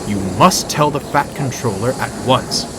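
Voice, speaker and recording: A man's voice: medium pitch, normal speed, background noise, natural voice. A man voicing a proud, stern male steam engine with a proper manner.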